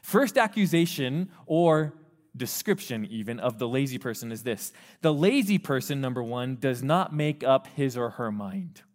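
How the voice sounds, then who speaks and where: A man preaching a sermon to a youth group, animated, acting out the voices of parents and teens. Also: medium pitch, normal speed. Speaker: youth pastor. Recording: long reverb of a hall.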